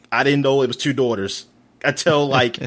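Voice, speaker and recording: A man co-hosting a podcast, chatting in an animated way, swearing and laughing often. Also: mid-range voice, moderate pace. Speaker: podcast co-host. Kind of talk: casual chat.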